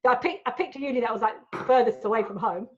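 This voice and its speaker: A woman tells candid stories as an interview guest. She talks in an animated, frank way and swears freely, in a fairly high voice. The recording sounds a little dull and muffled. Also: fast talker. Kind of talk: candid storytelling in a casual interview.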